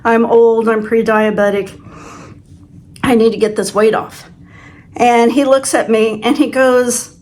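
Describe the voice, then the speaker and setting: A woman's voice: fairly high pitch, flat delivery, unhurried, long pauses, a little mellow. Chatty woman in her sixties. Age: 60s. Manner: chatty, self-deprecating storyteller. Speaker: channel host. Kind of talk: casual vlog chat.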